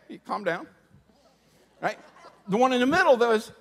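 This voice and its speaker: A middle-aged man preaching a sermon, moving from humorous storytelling to quiet, earnest preaching. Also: high voice, brisk. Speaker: pastor. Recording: long hall reverb.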